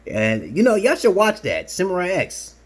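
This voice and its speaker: Brooklyn-raised man, rough-edged voice, boastful and provocative, keeps asking "okay?" in a loose vlog monologue. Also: sits high, huge pitch swings, normal speed. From Brooklyn, New York. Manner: peppers talk with "okay?". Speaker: vlogger. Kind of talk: rambling casual monologue.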